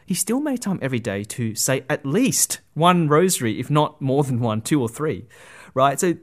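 A Catholic speaker gives an earnest, conversational religious talk in a medium-pitched voice with big pitch swings at a moderate pace. He often restarts sentences and fills them with asides like "you know" and "right?".

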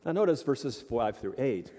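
A man preaching a sermon in a church, emphatic and animated, with rhetorical questions to the congregation. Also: medium pitch, normal speed. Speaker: pastor. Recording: long reverb of a large hall.

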